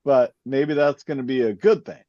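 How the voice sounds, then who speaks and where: A man in casual chat, talking slowly in a blunt, shrugging way. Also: medium pitch, mellow, no room sound. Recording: dry, dull lo-fi sound.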